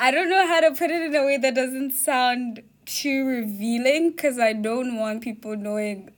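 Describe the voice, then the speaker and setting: A woman's voice: sits high, moderate pace. A young woman from Botswana hosting a podcast in casual chat. She laughs often and keeps asking "you know what I mean". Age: young adult. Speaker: podcast host.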